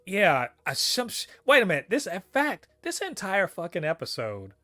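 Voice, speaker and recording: A man's voice: sits high, wildly swooping pitch, moderate pace, pushed and bright, no echo. A man co-hosting a casual review podcast, talking animatedly and profanely, laughing often and exclaiming in disbelief. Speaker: podcast co-host reviewing a TV episode.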